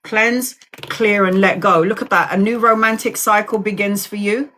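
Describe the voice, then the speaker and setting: A woman's voice: medium pitch, fairly even intonation, moderate pace, bright, forceful tone, slight background noise. A woman in her forties giving live tarot readings, soothing and direct, calling listeners sweetheart and honey. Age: 40s. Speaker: tarot reader.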